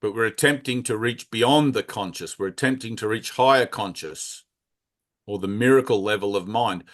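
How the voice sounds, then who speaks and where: A man's voice: lowish voice, normal speed. A man giving an informal spiritual talk to a small group as their teacher, frank and conversational, with mild swearing and a habit of checking in with "right?".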